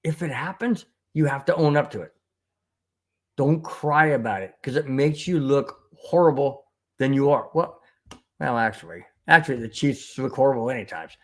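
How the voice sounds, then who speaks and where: A man's voice: mid-range voice, moderate pace, a bit bright. A man hosting a sports podcast, reading viewer comments and ranting sarcastically about the referees. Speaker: podcast host. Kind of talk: casual sports talk, reading chat comments.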